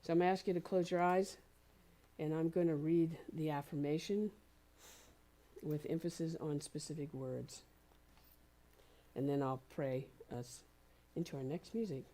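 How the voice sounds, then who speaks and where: A woman minister giving a sermon, gentle and encouraging, slowly repeating phrases for emphasis. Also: sits low, fairly even intonation. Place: spiritual community center.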